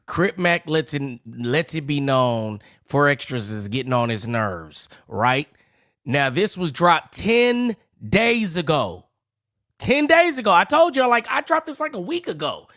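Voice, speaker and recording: A man's voice: on the high side, sing-song, measured pace, fairly bright tone. A man hosting a reaction commentary channel, ranting with indignant energy while playing clips.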